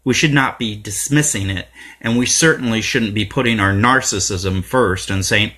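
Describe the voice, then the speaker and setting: A man's voice: lowish voice, normal speed, few pauses, bright, forceful tone. A man giving an impassioned, profane political monologue to his viewers, getting irate, with many fillers and repetitions. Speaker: video blogger.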